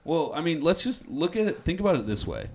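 A man's voice: a little high, sing-song, brisk, a little mellow. A man hosting a casual sports podcast, upbeat and joking as he leads the segments. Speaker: podcast host.

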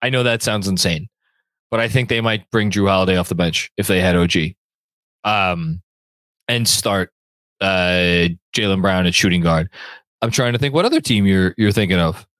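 A man hosting a casual sports podcast, excitable and rambling as he reads viewer comments. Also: low voice, moderate pace, dry recording. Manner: excitable, rambling, many fillers and restarts. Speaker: podcast host.

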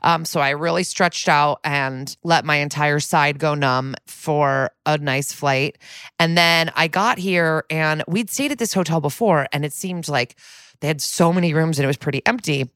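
A woman's voice: low-pitched, moderate pace, smooth, dry recording. Woman telling a story, dry close sound. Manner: animated storytelling, acts out quotes. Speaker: podcast co-host. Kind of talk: casual chat.

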